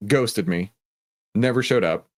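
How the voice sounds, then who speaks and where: At a slightly slow pace and a fairly low pitch, this man with a Texan accent hosts a live stream. His manner is easygoing and jokey, and he greets people in the chat by name.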